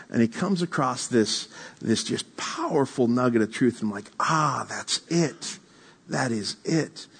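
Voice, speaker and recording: Man preaching a conversational sermon. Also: mid-range voice. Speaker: pastor.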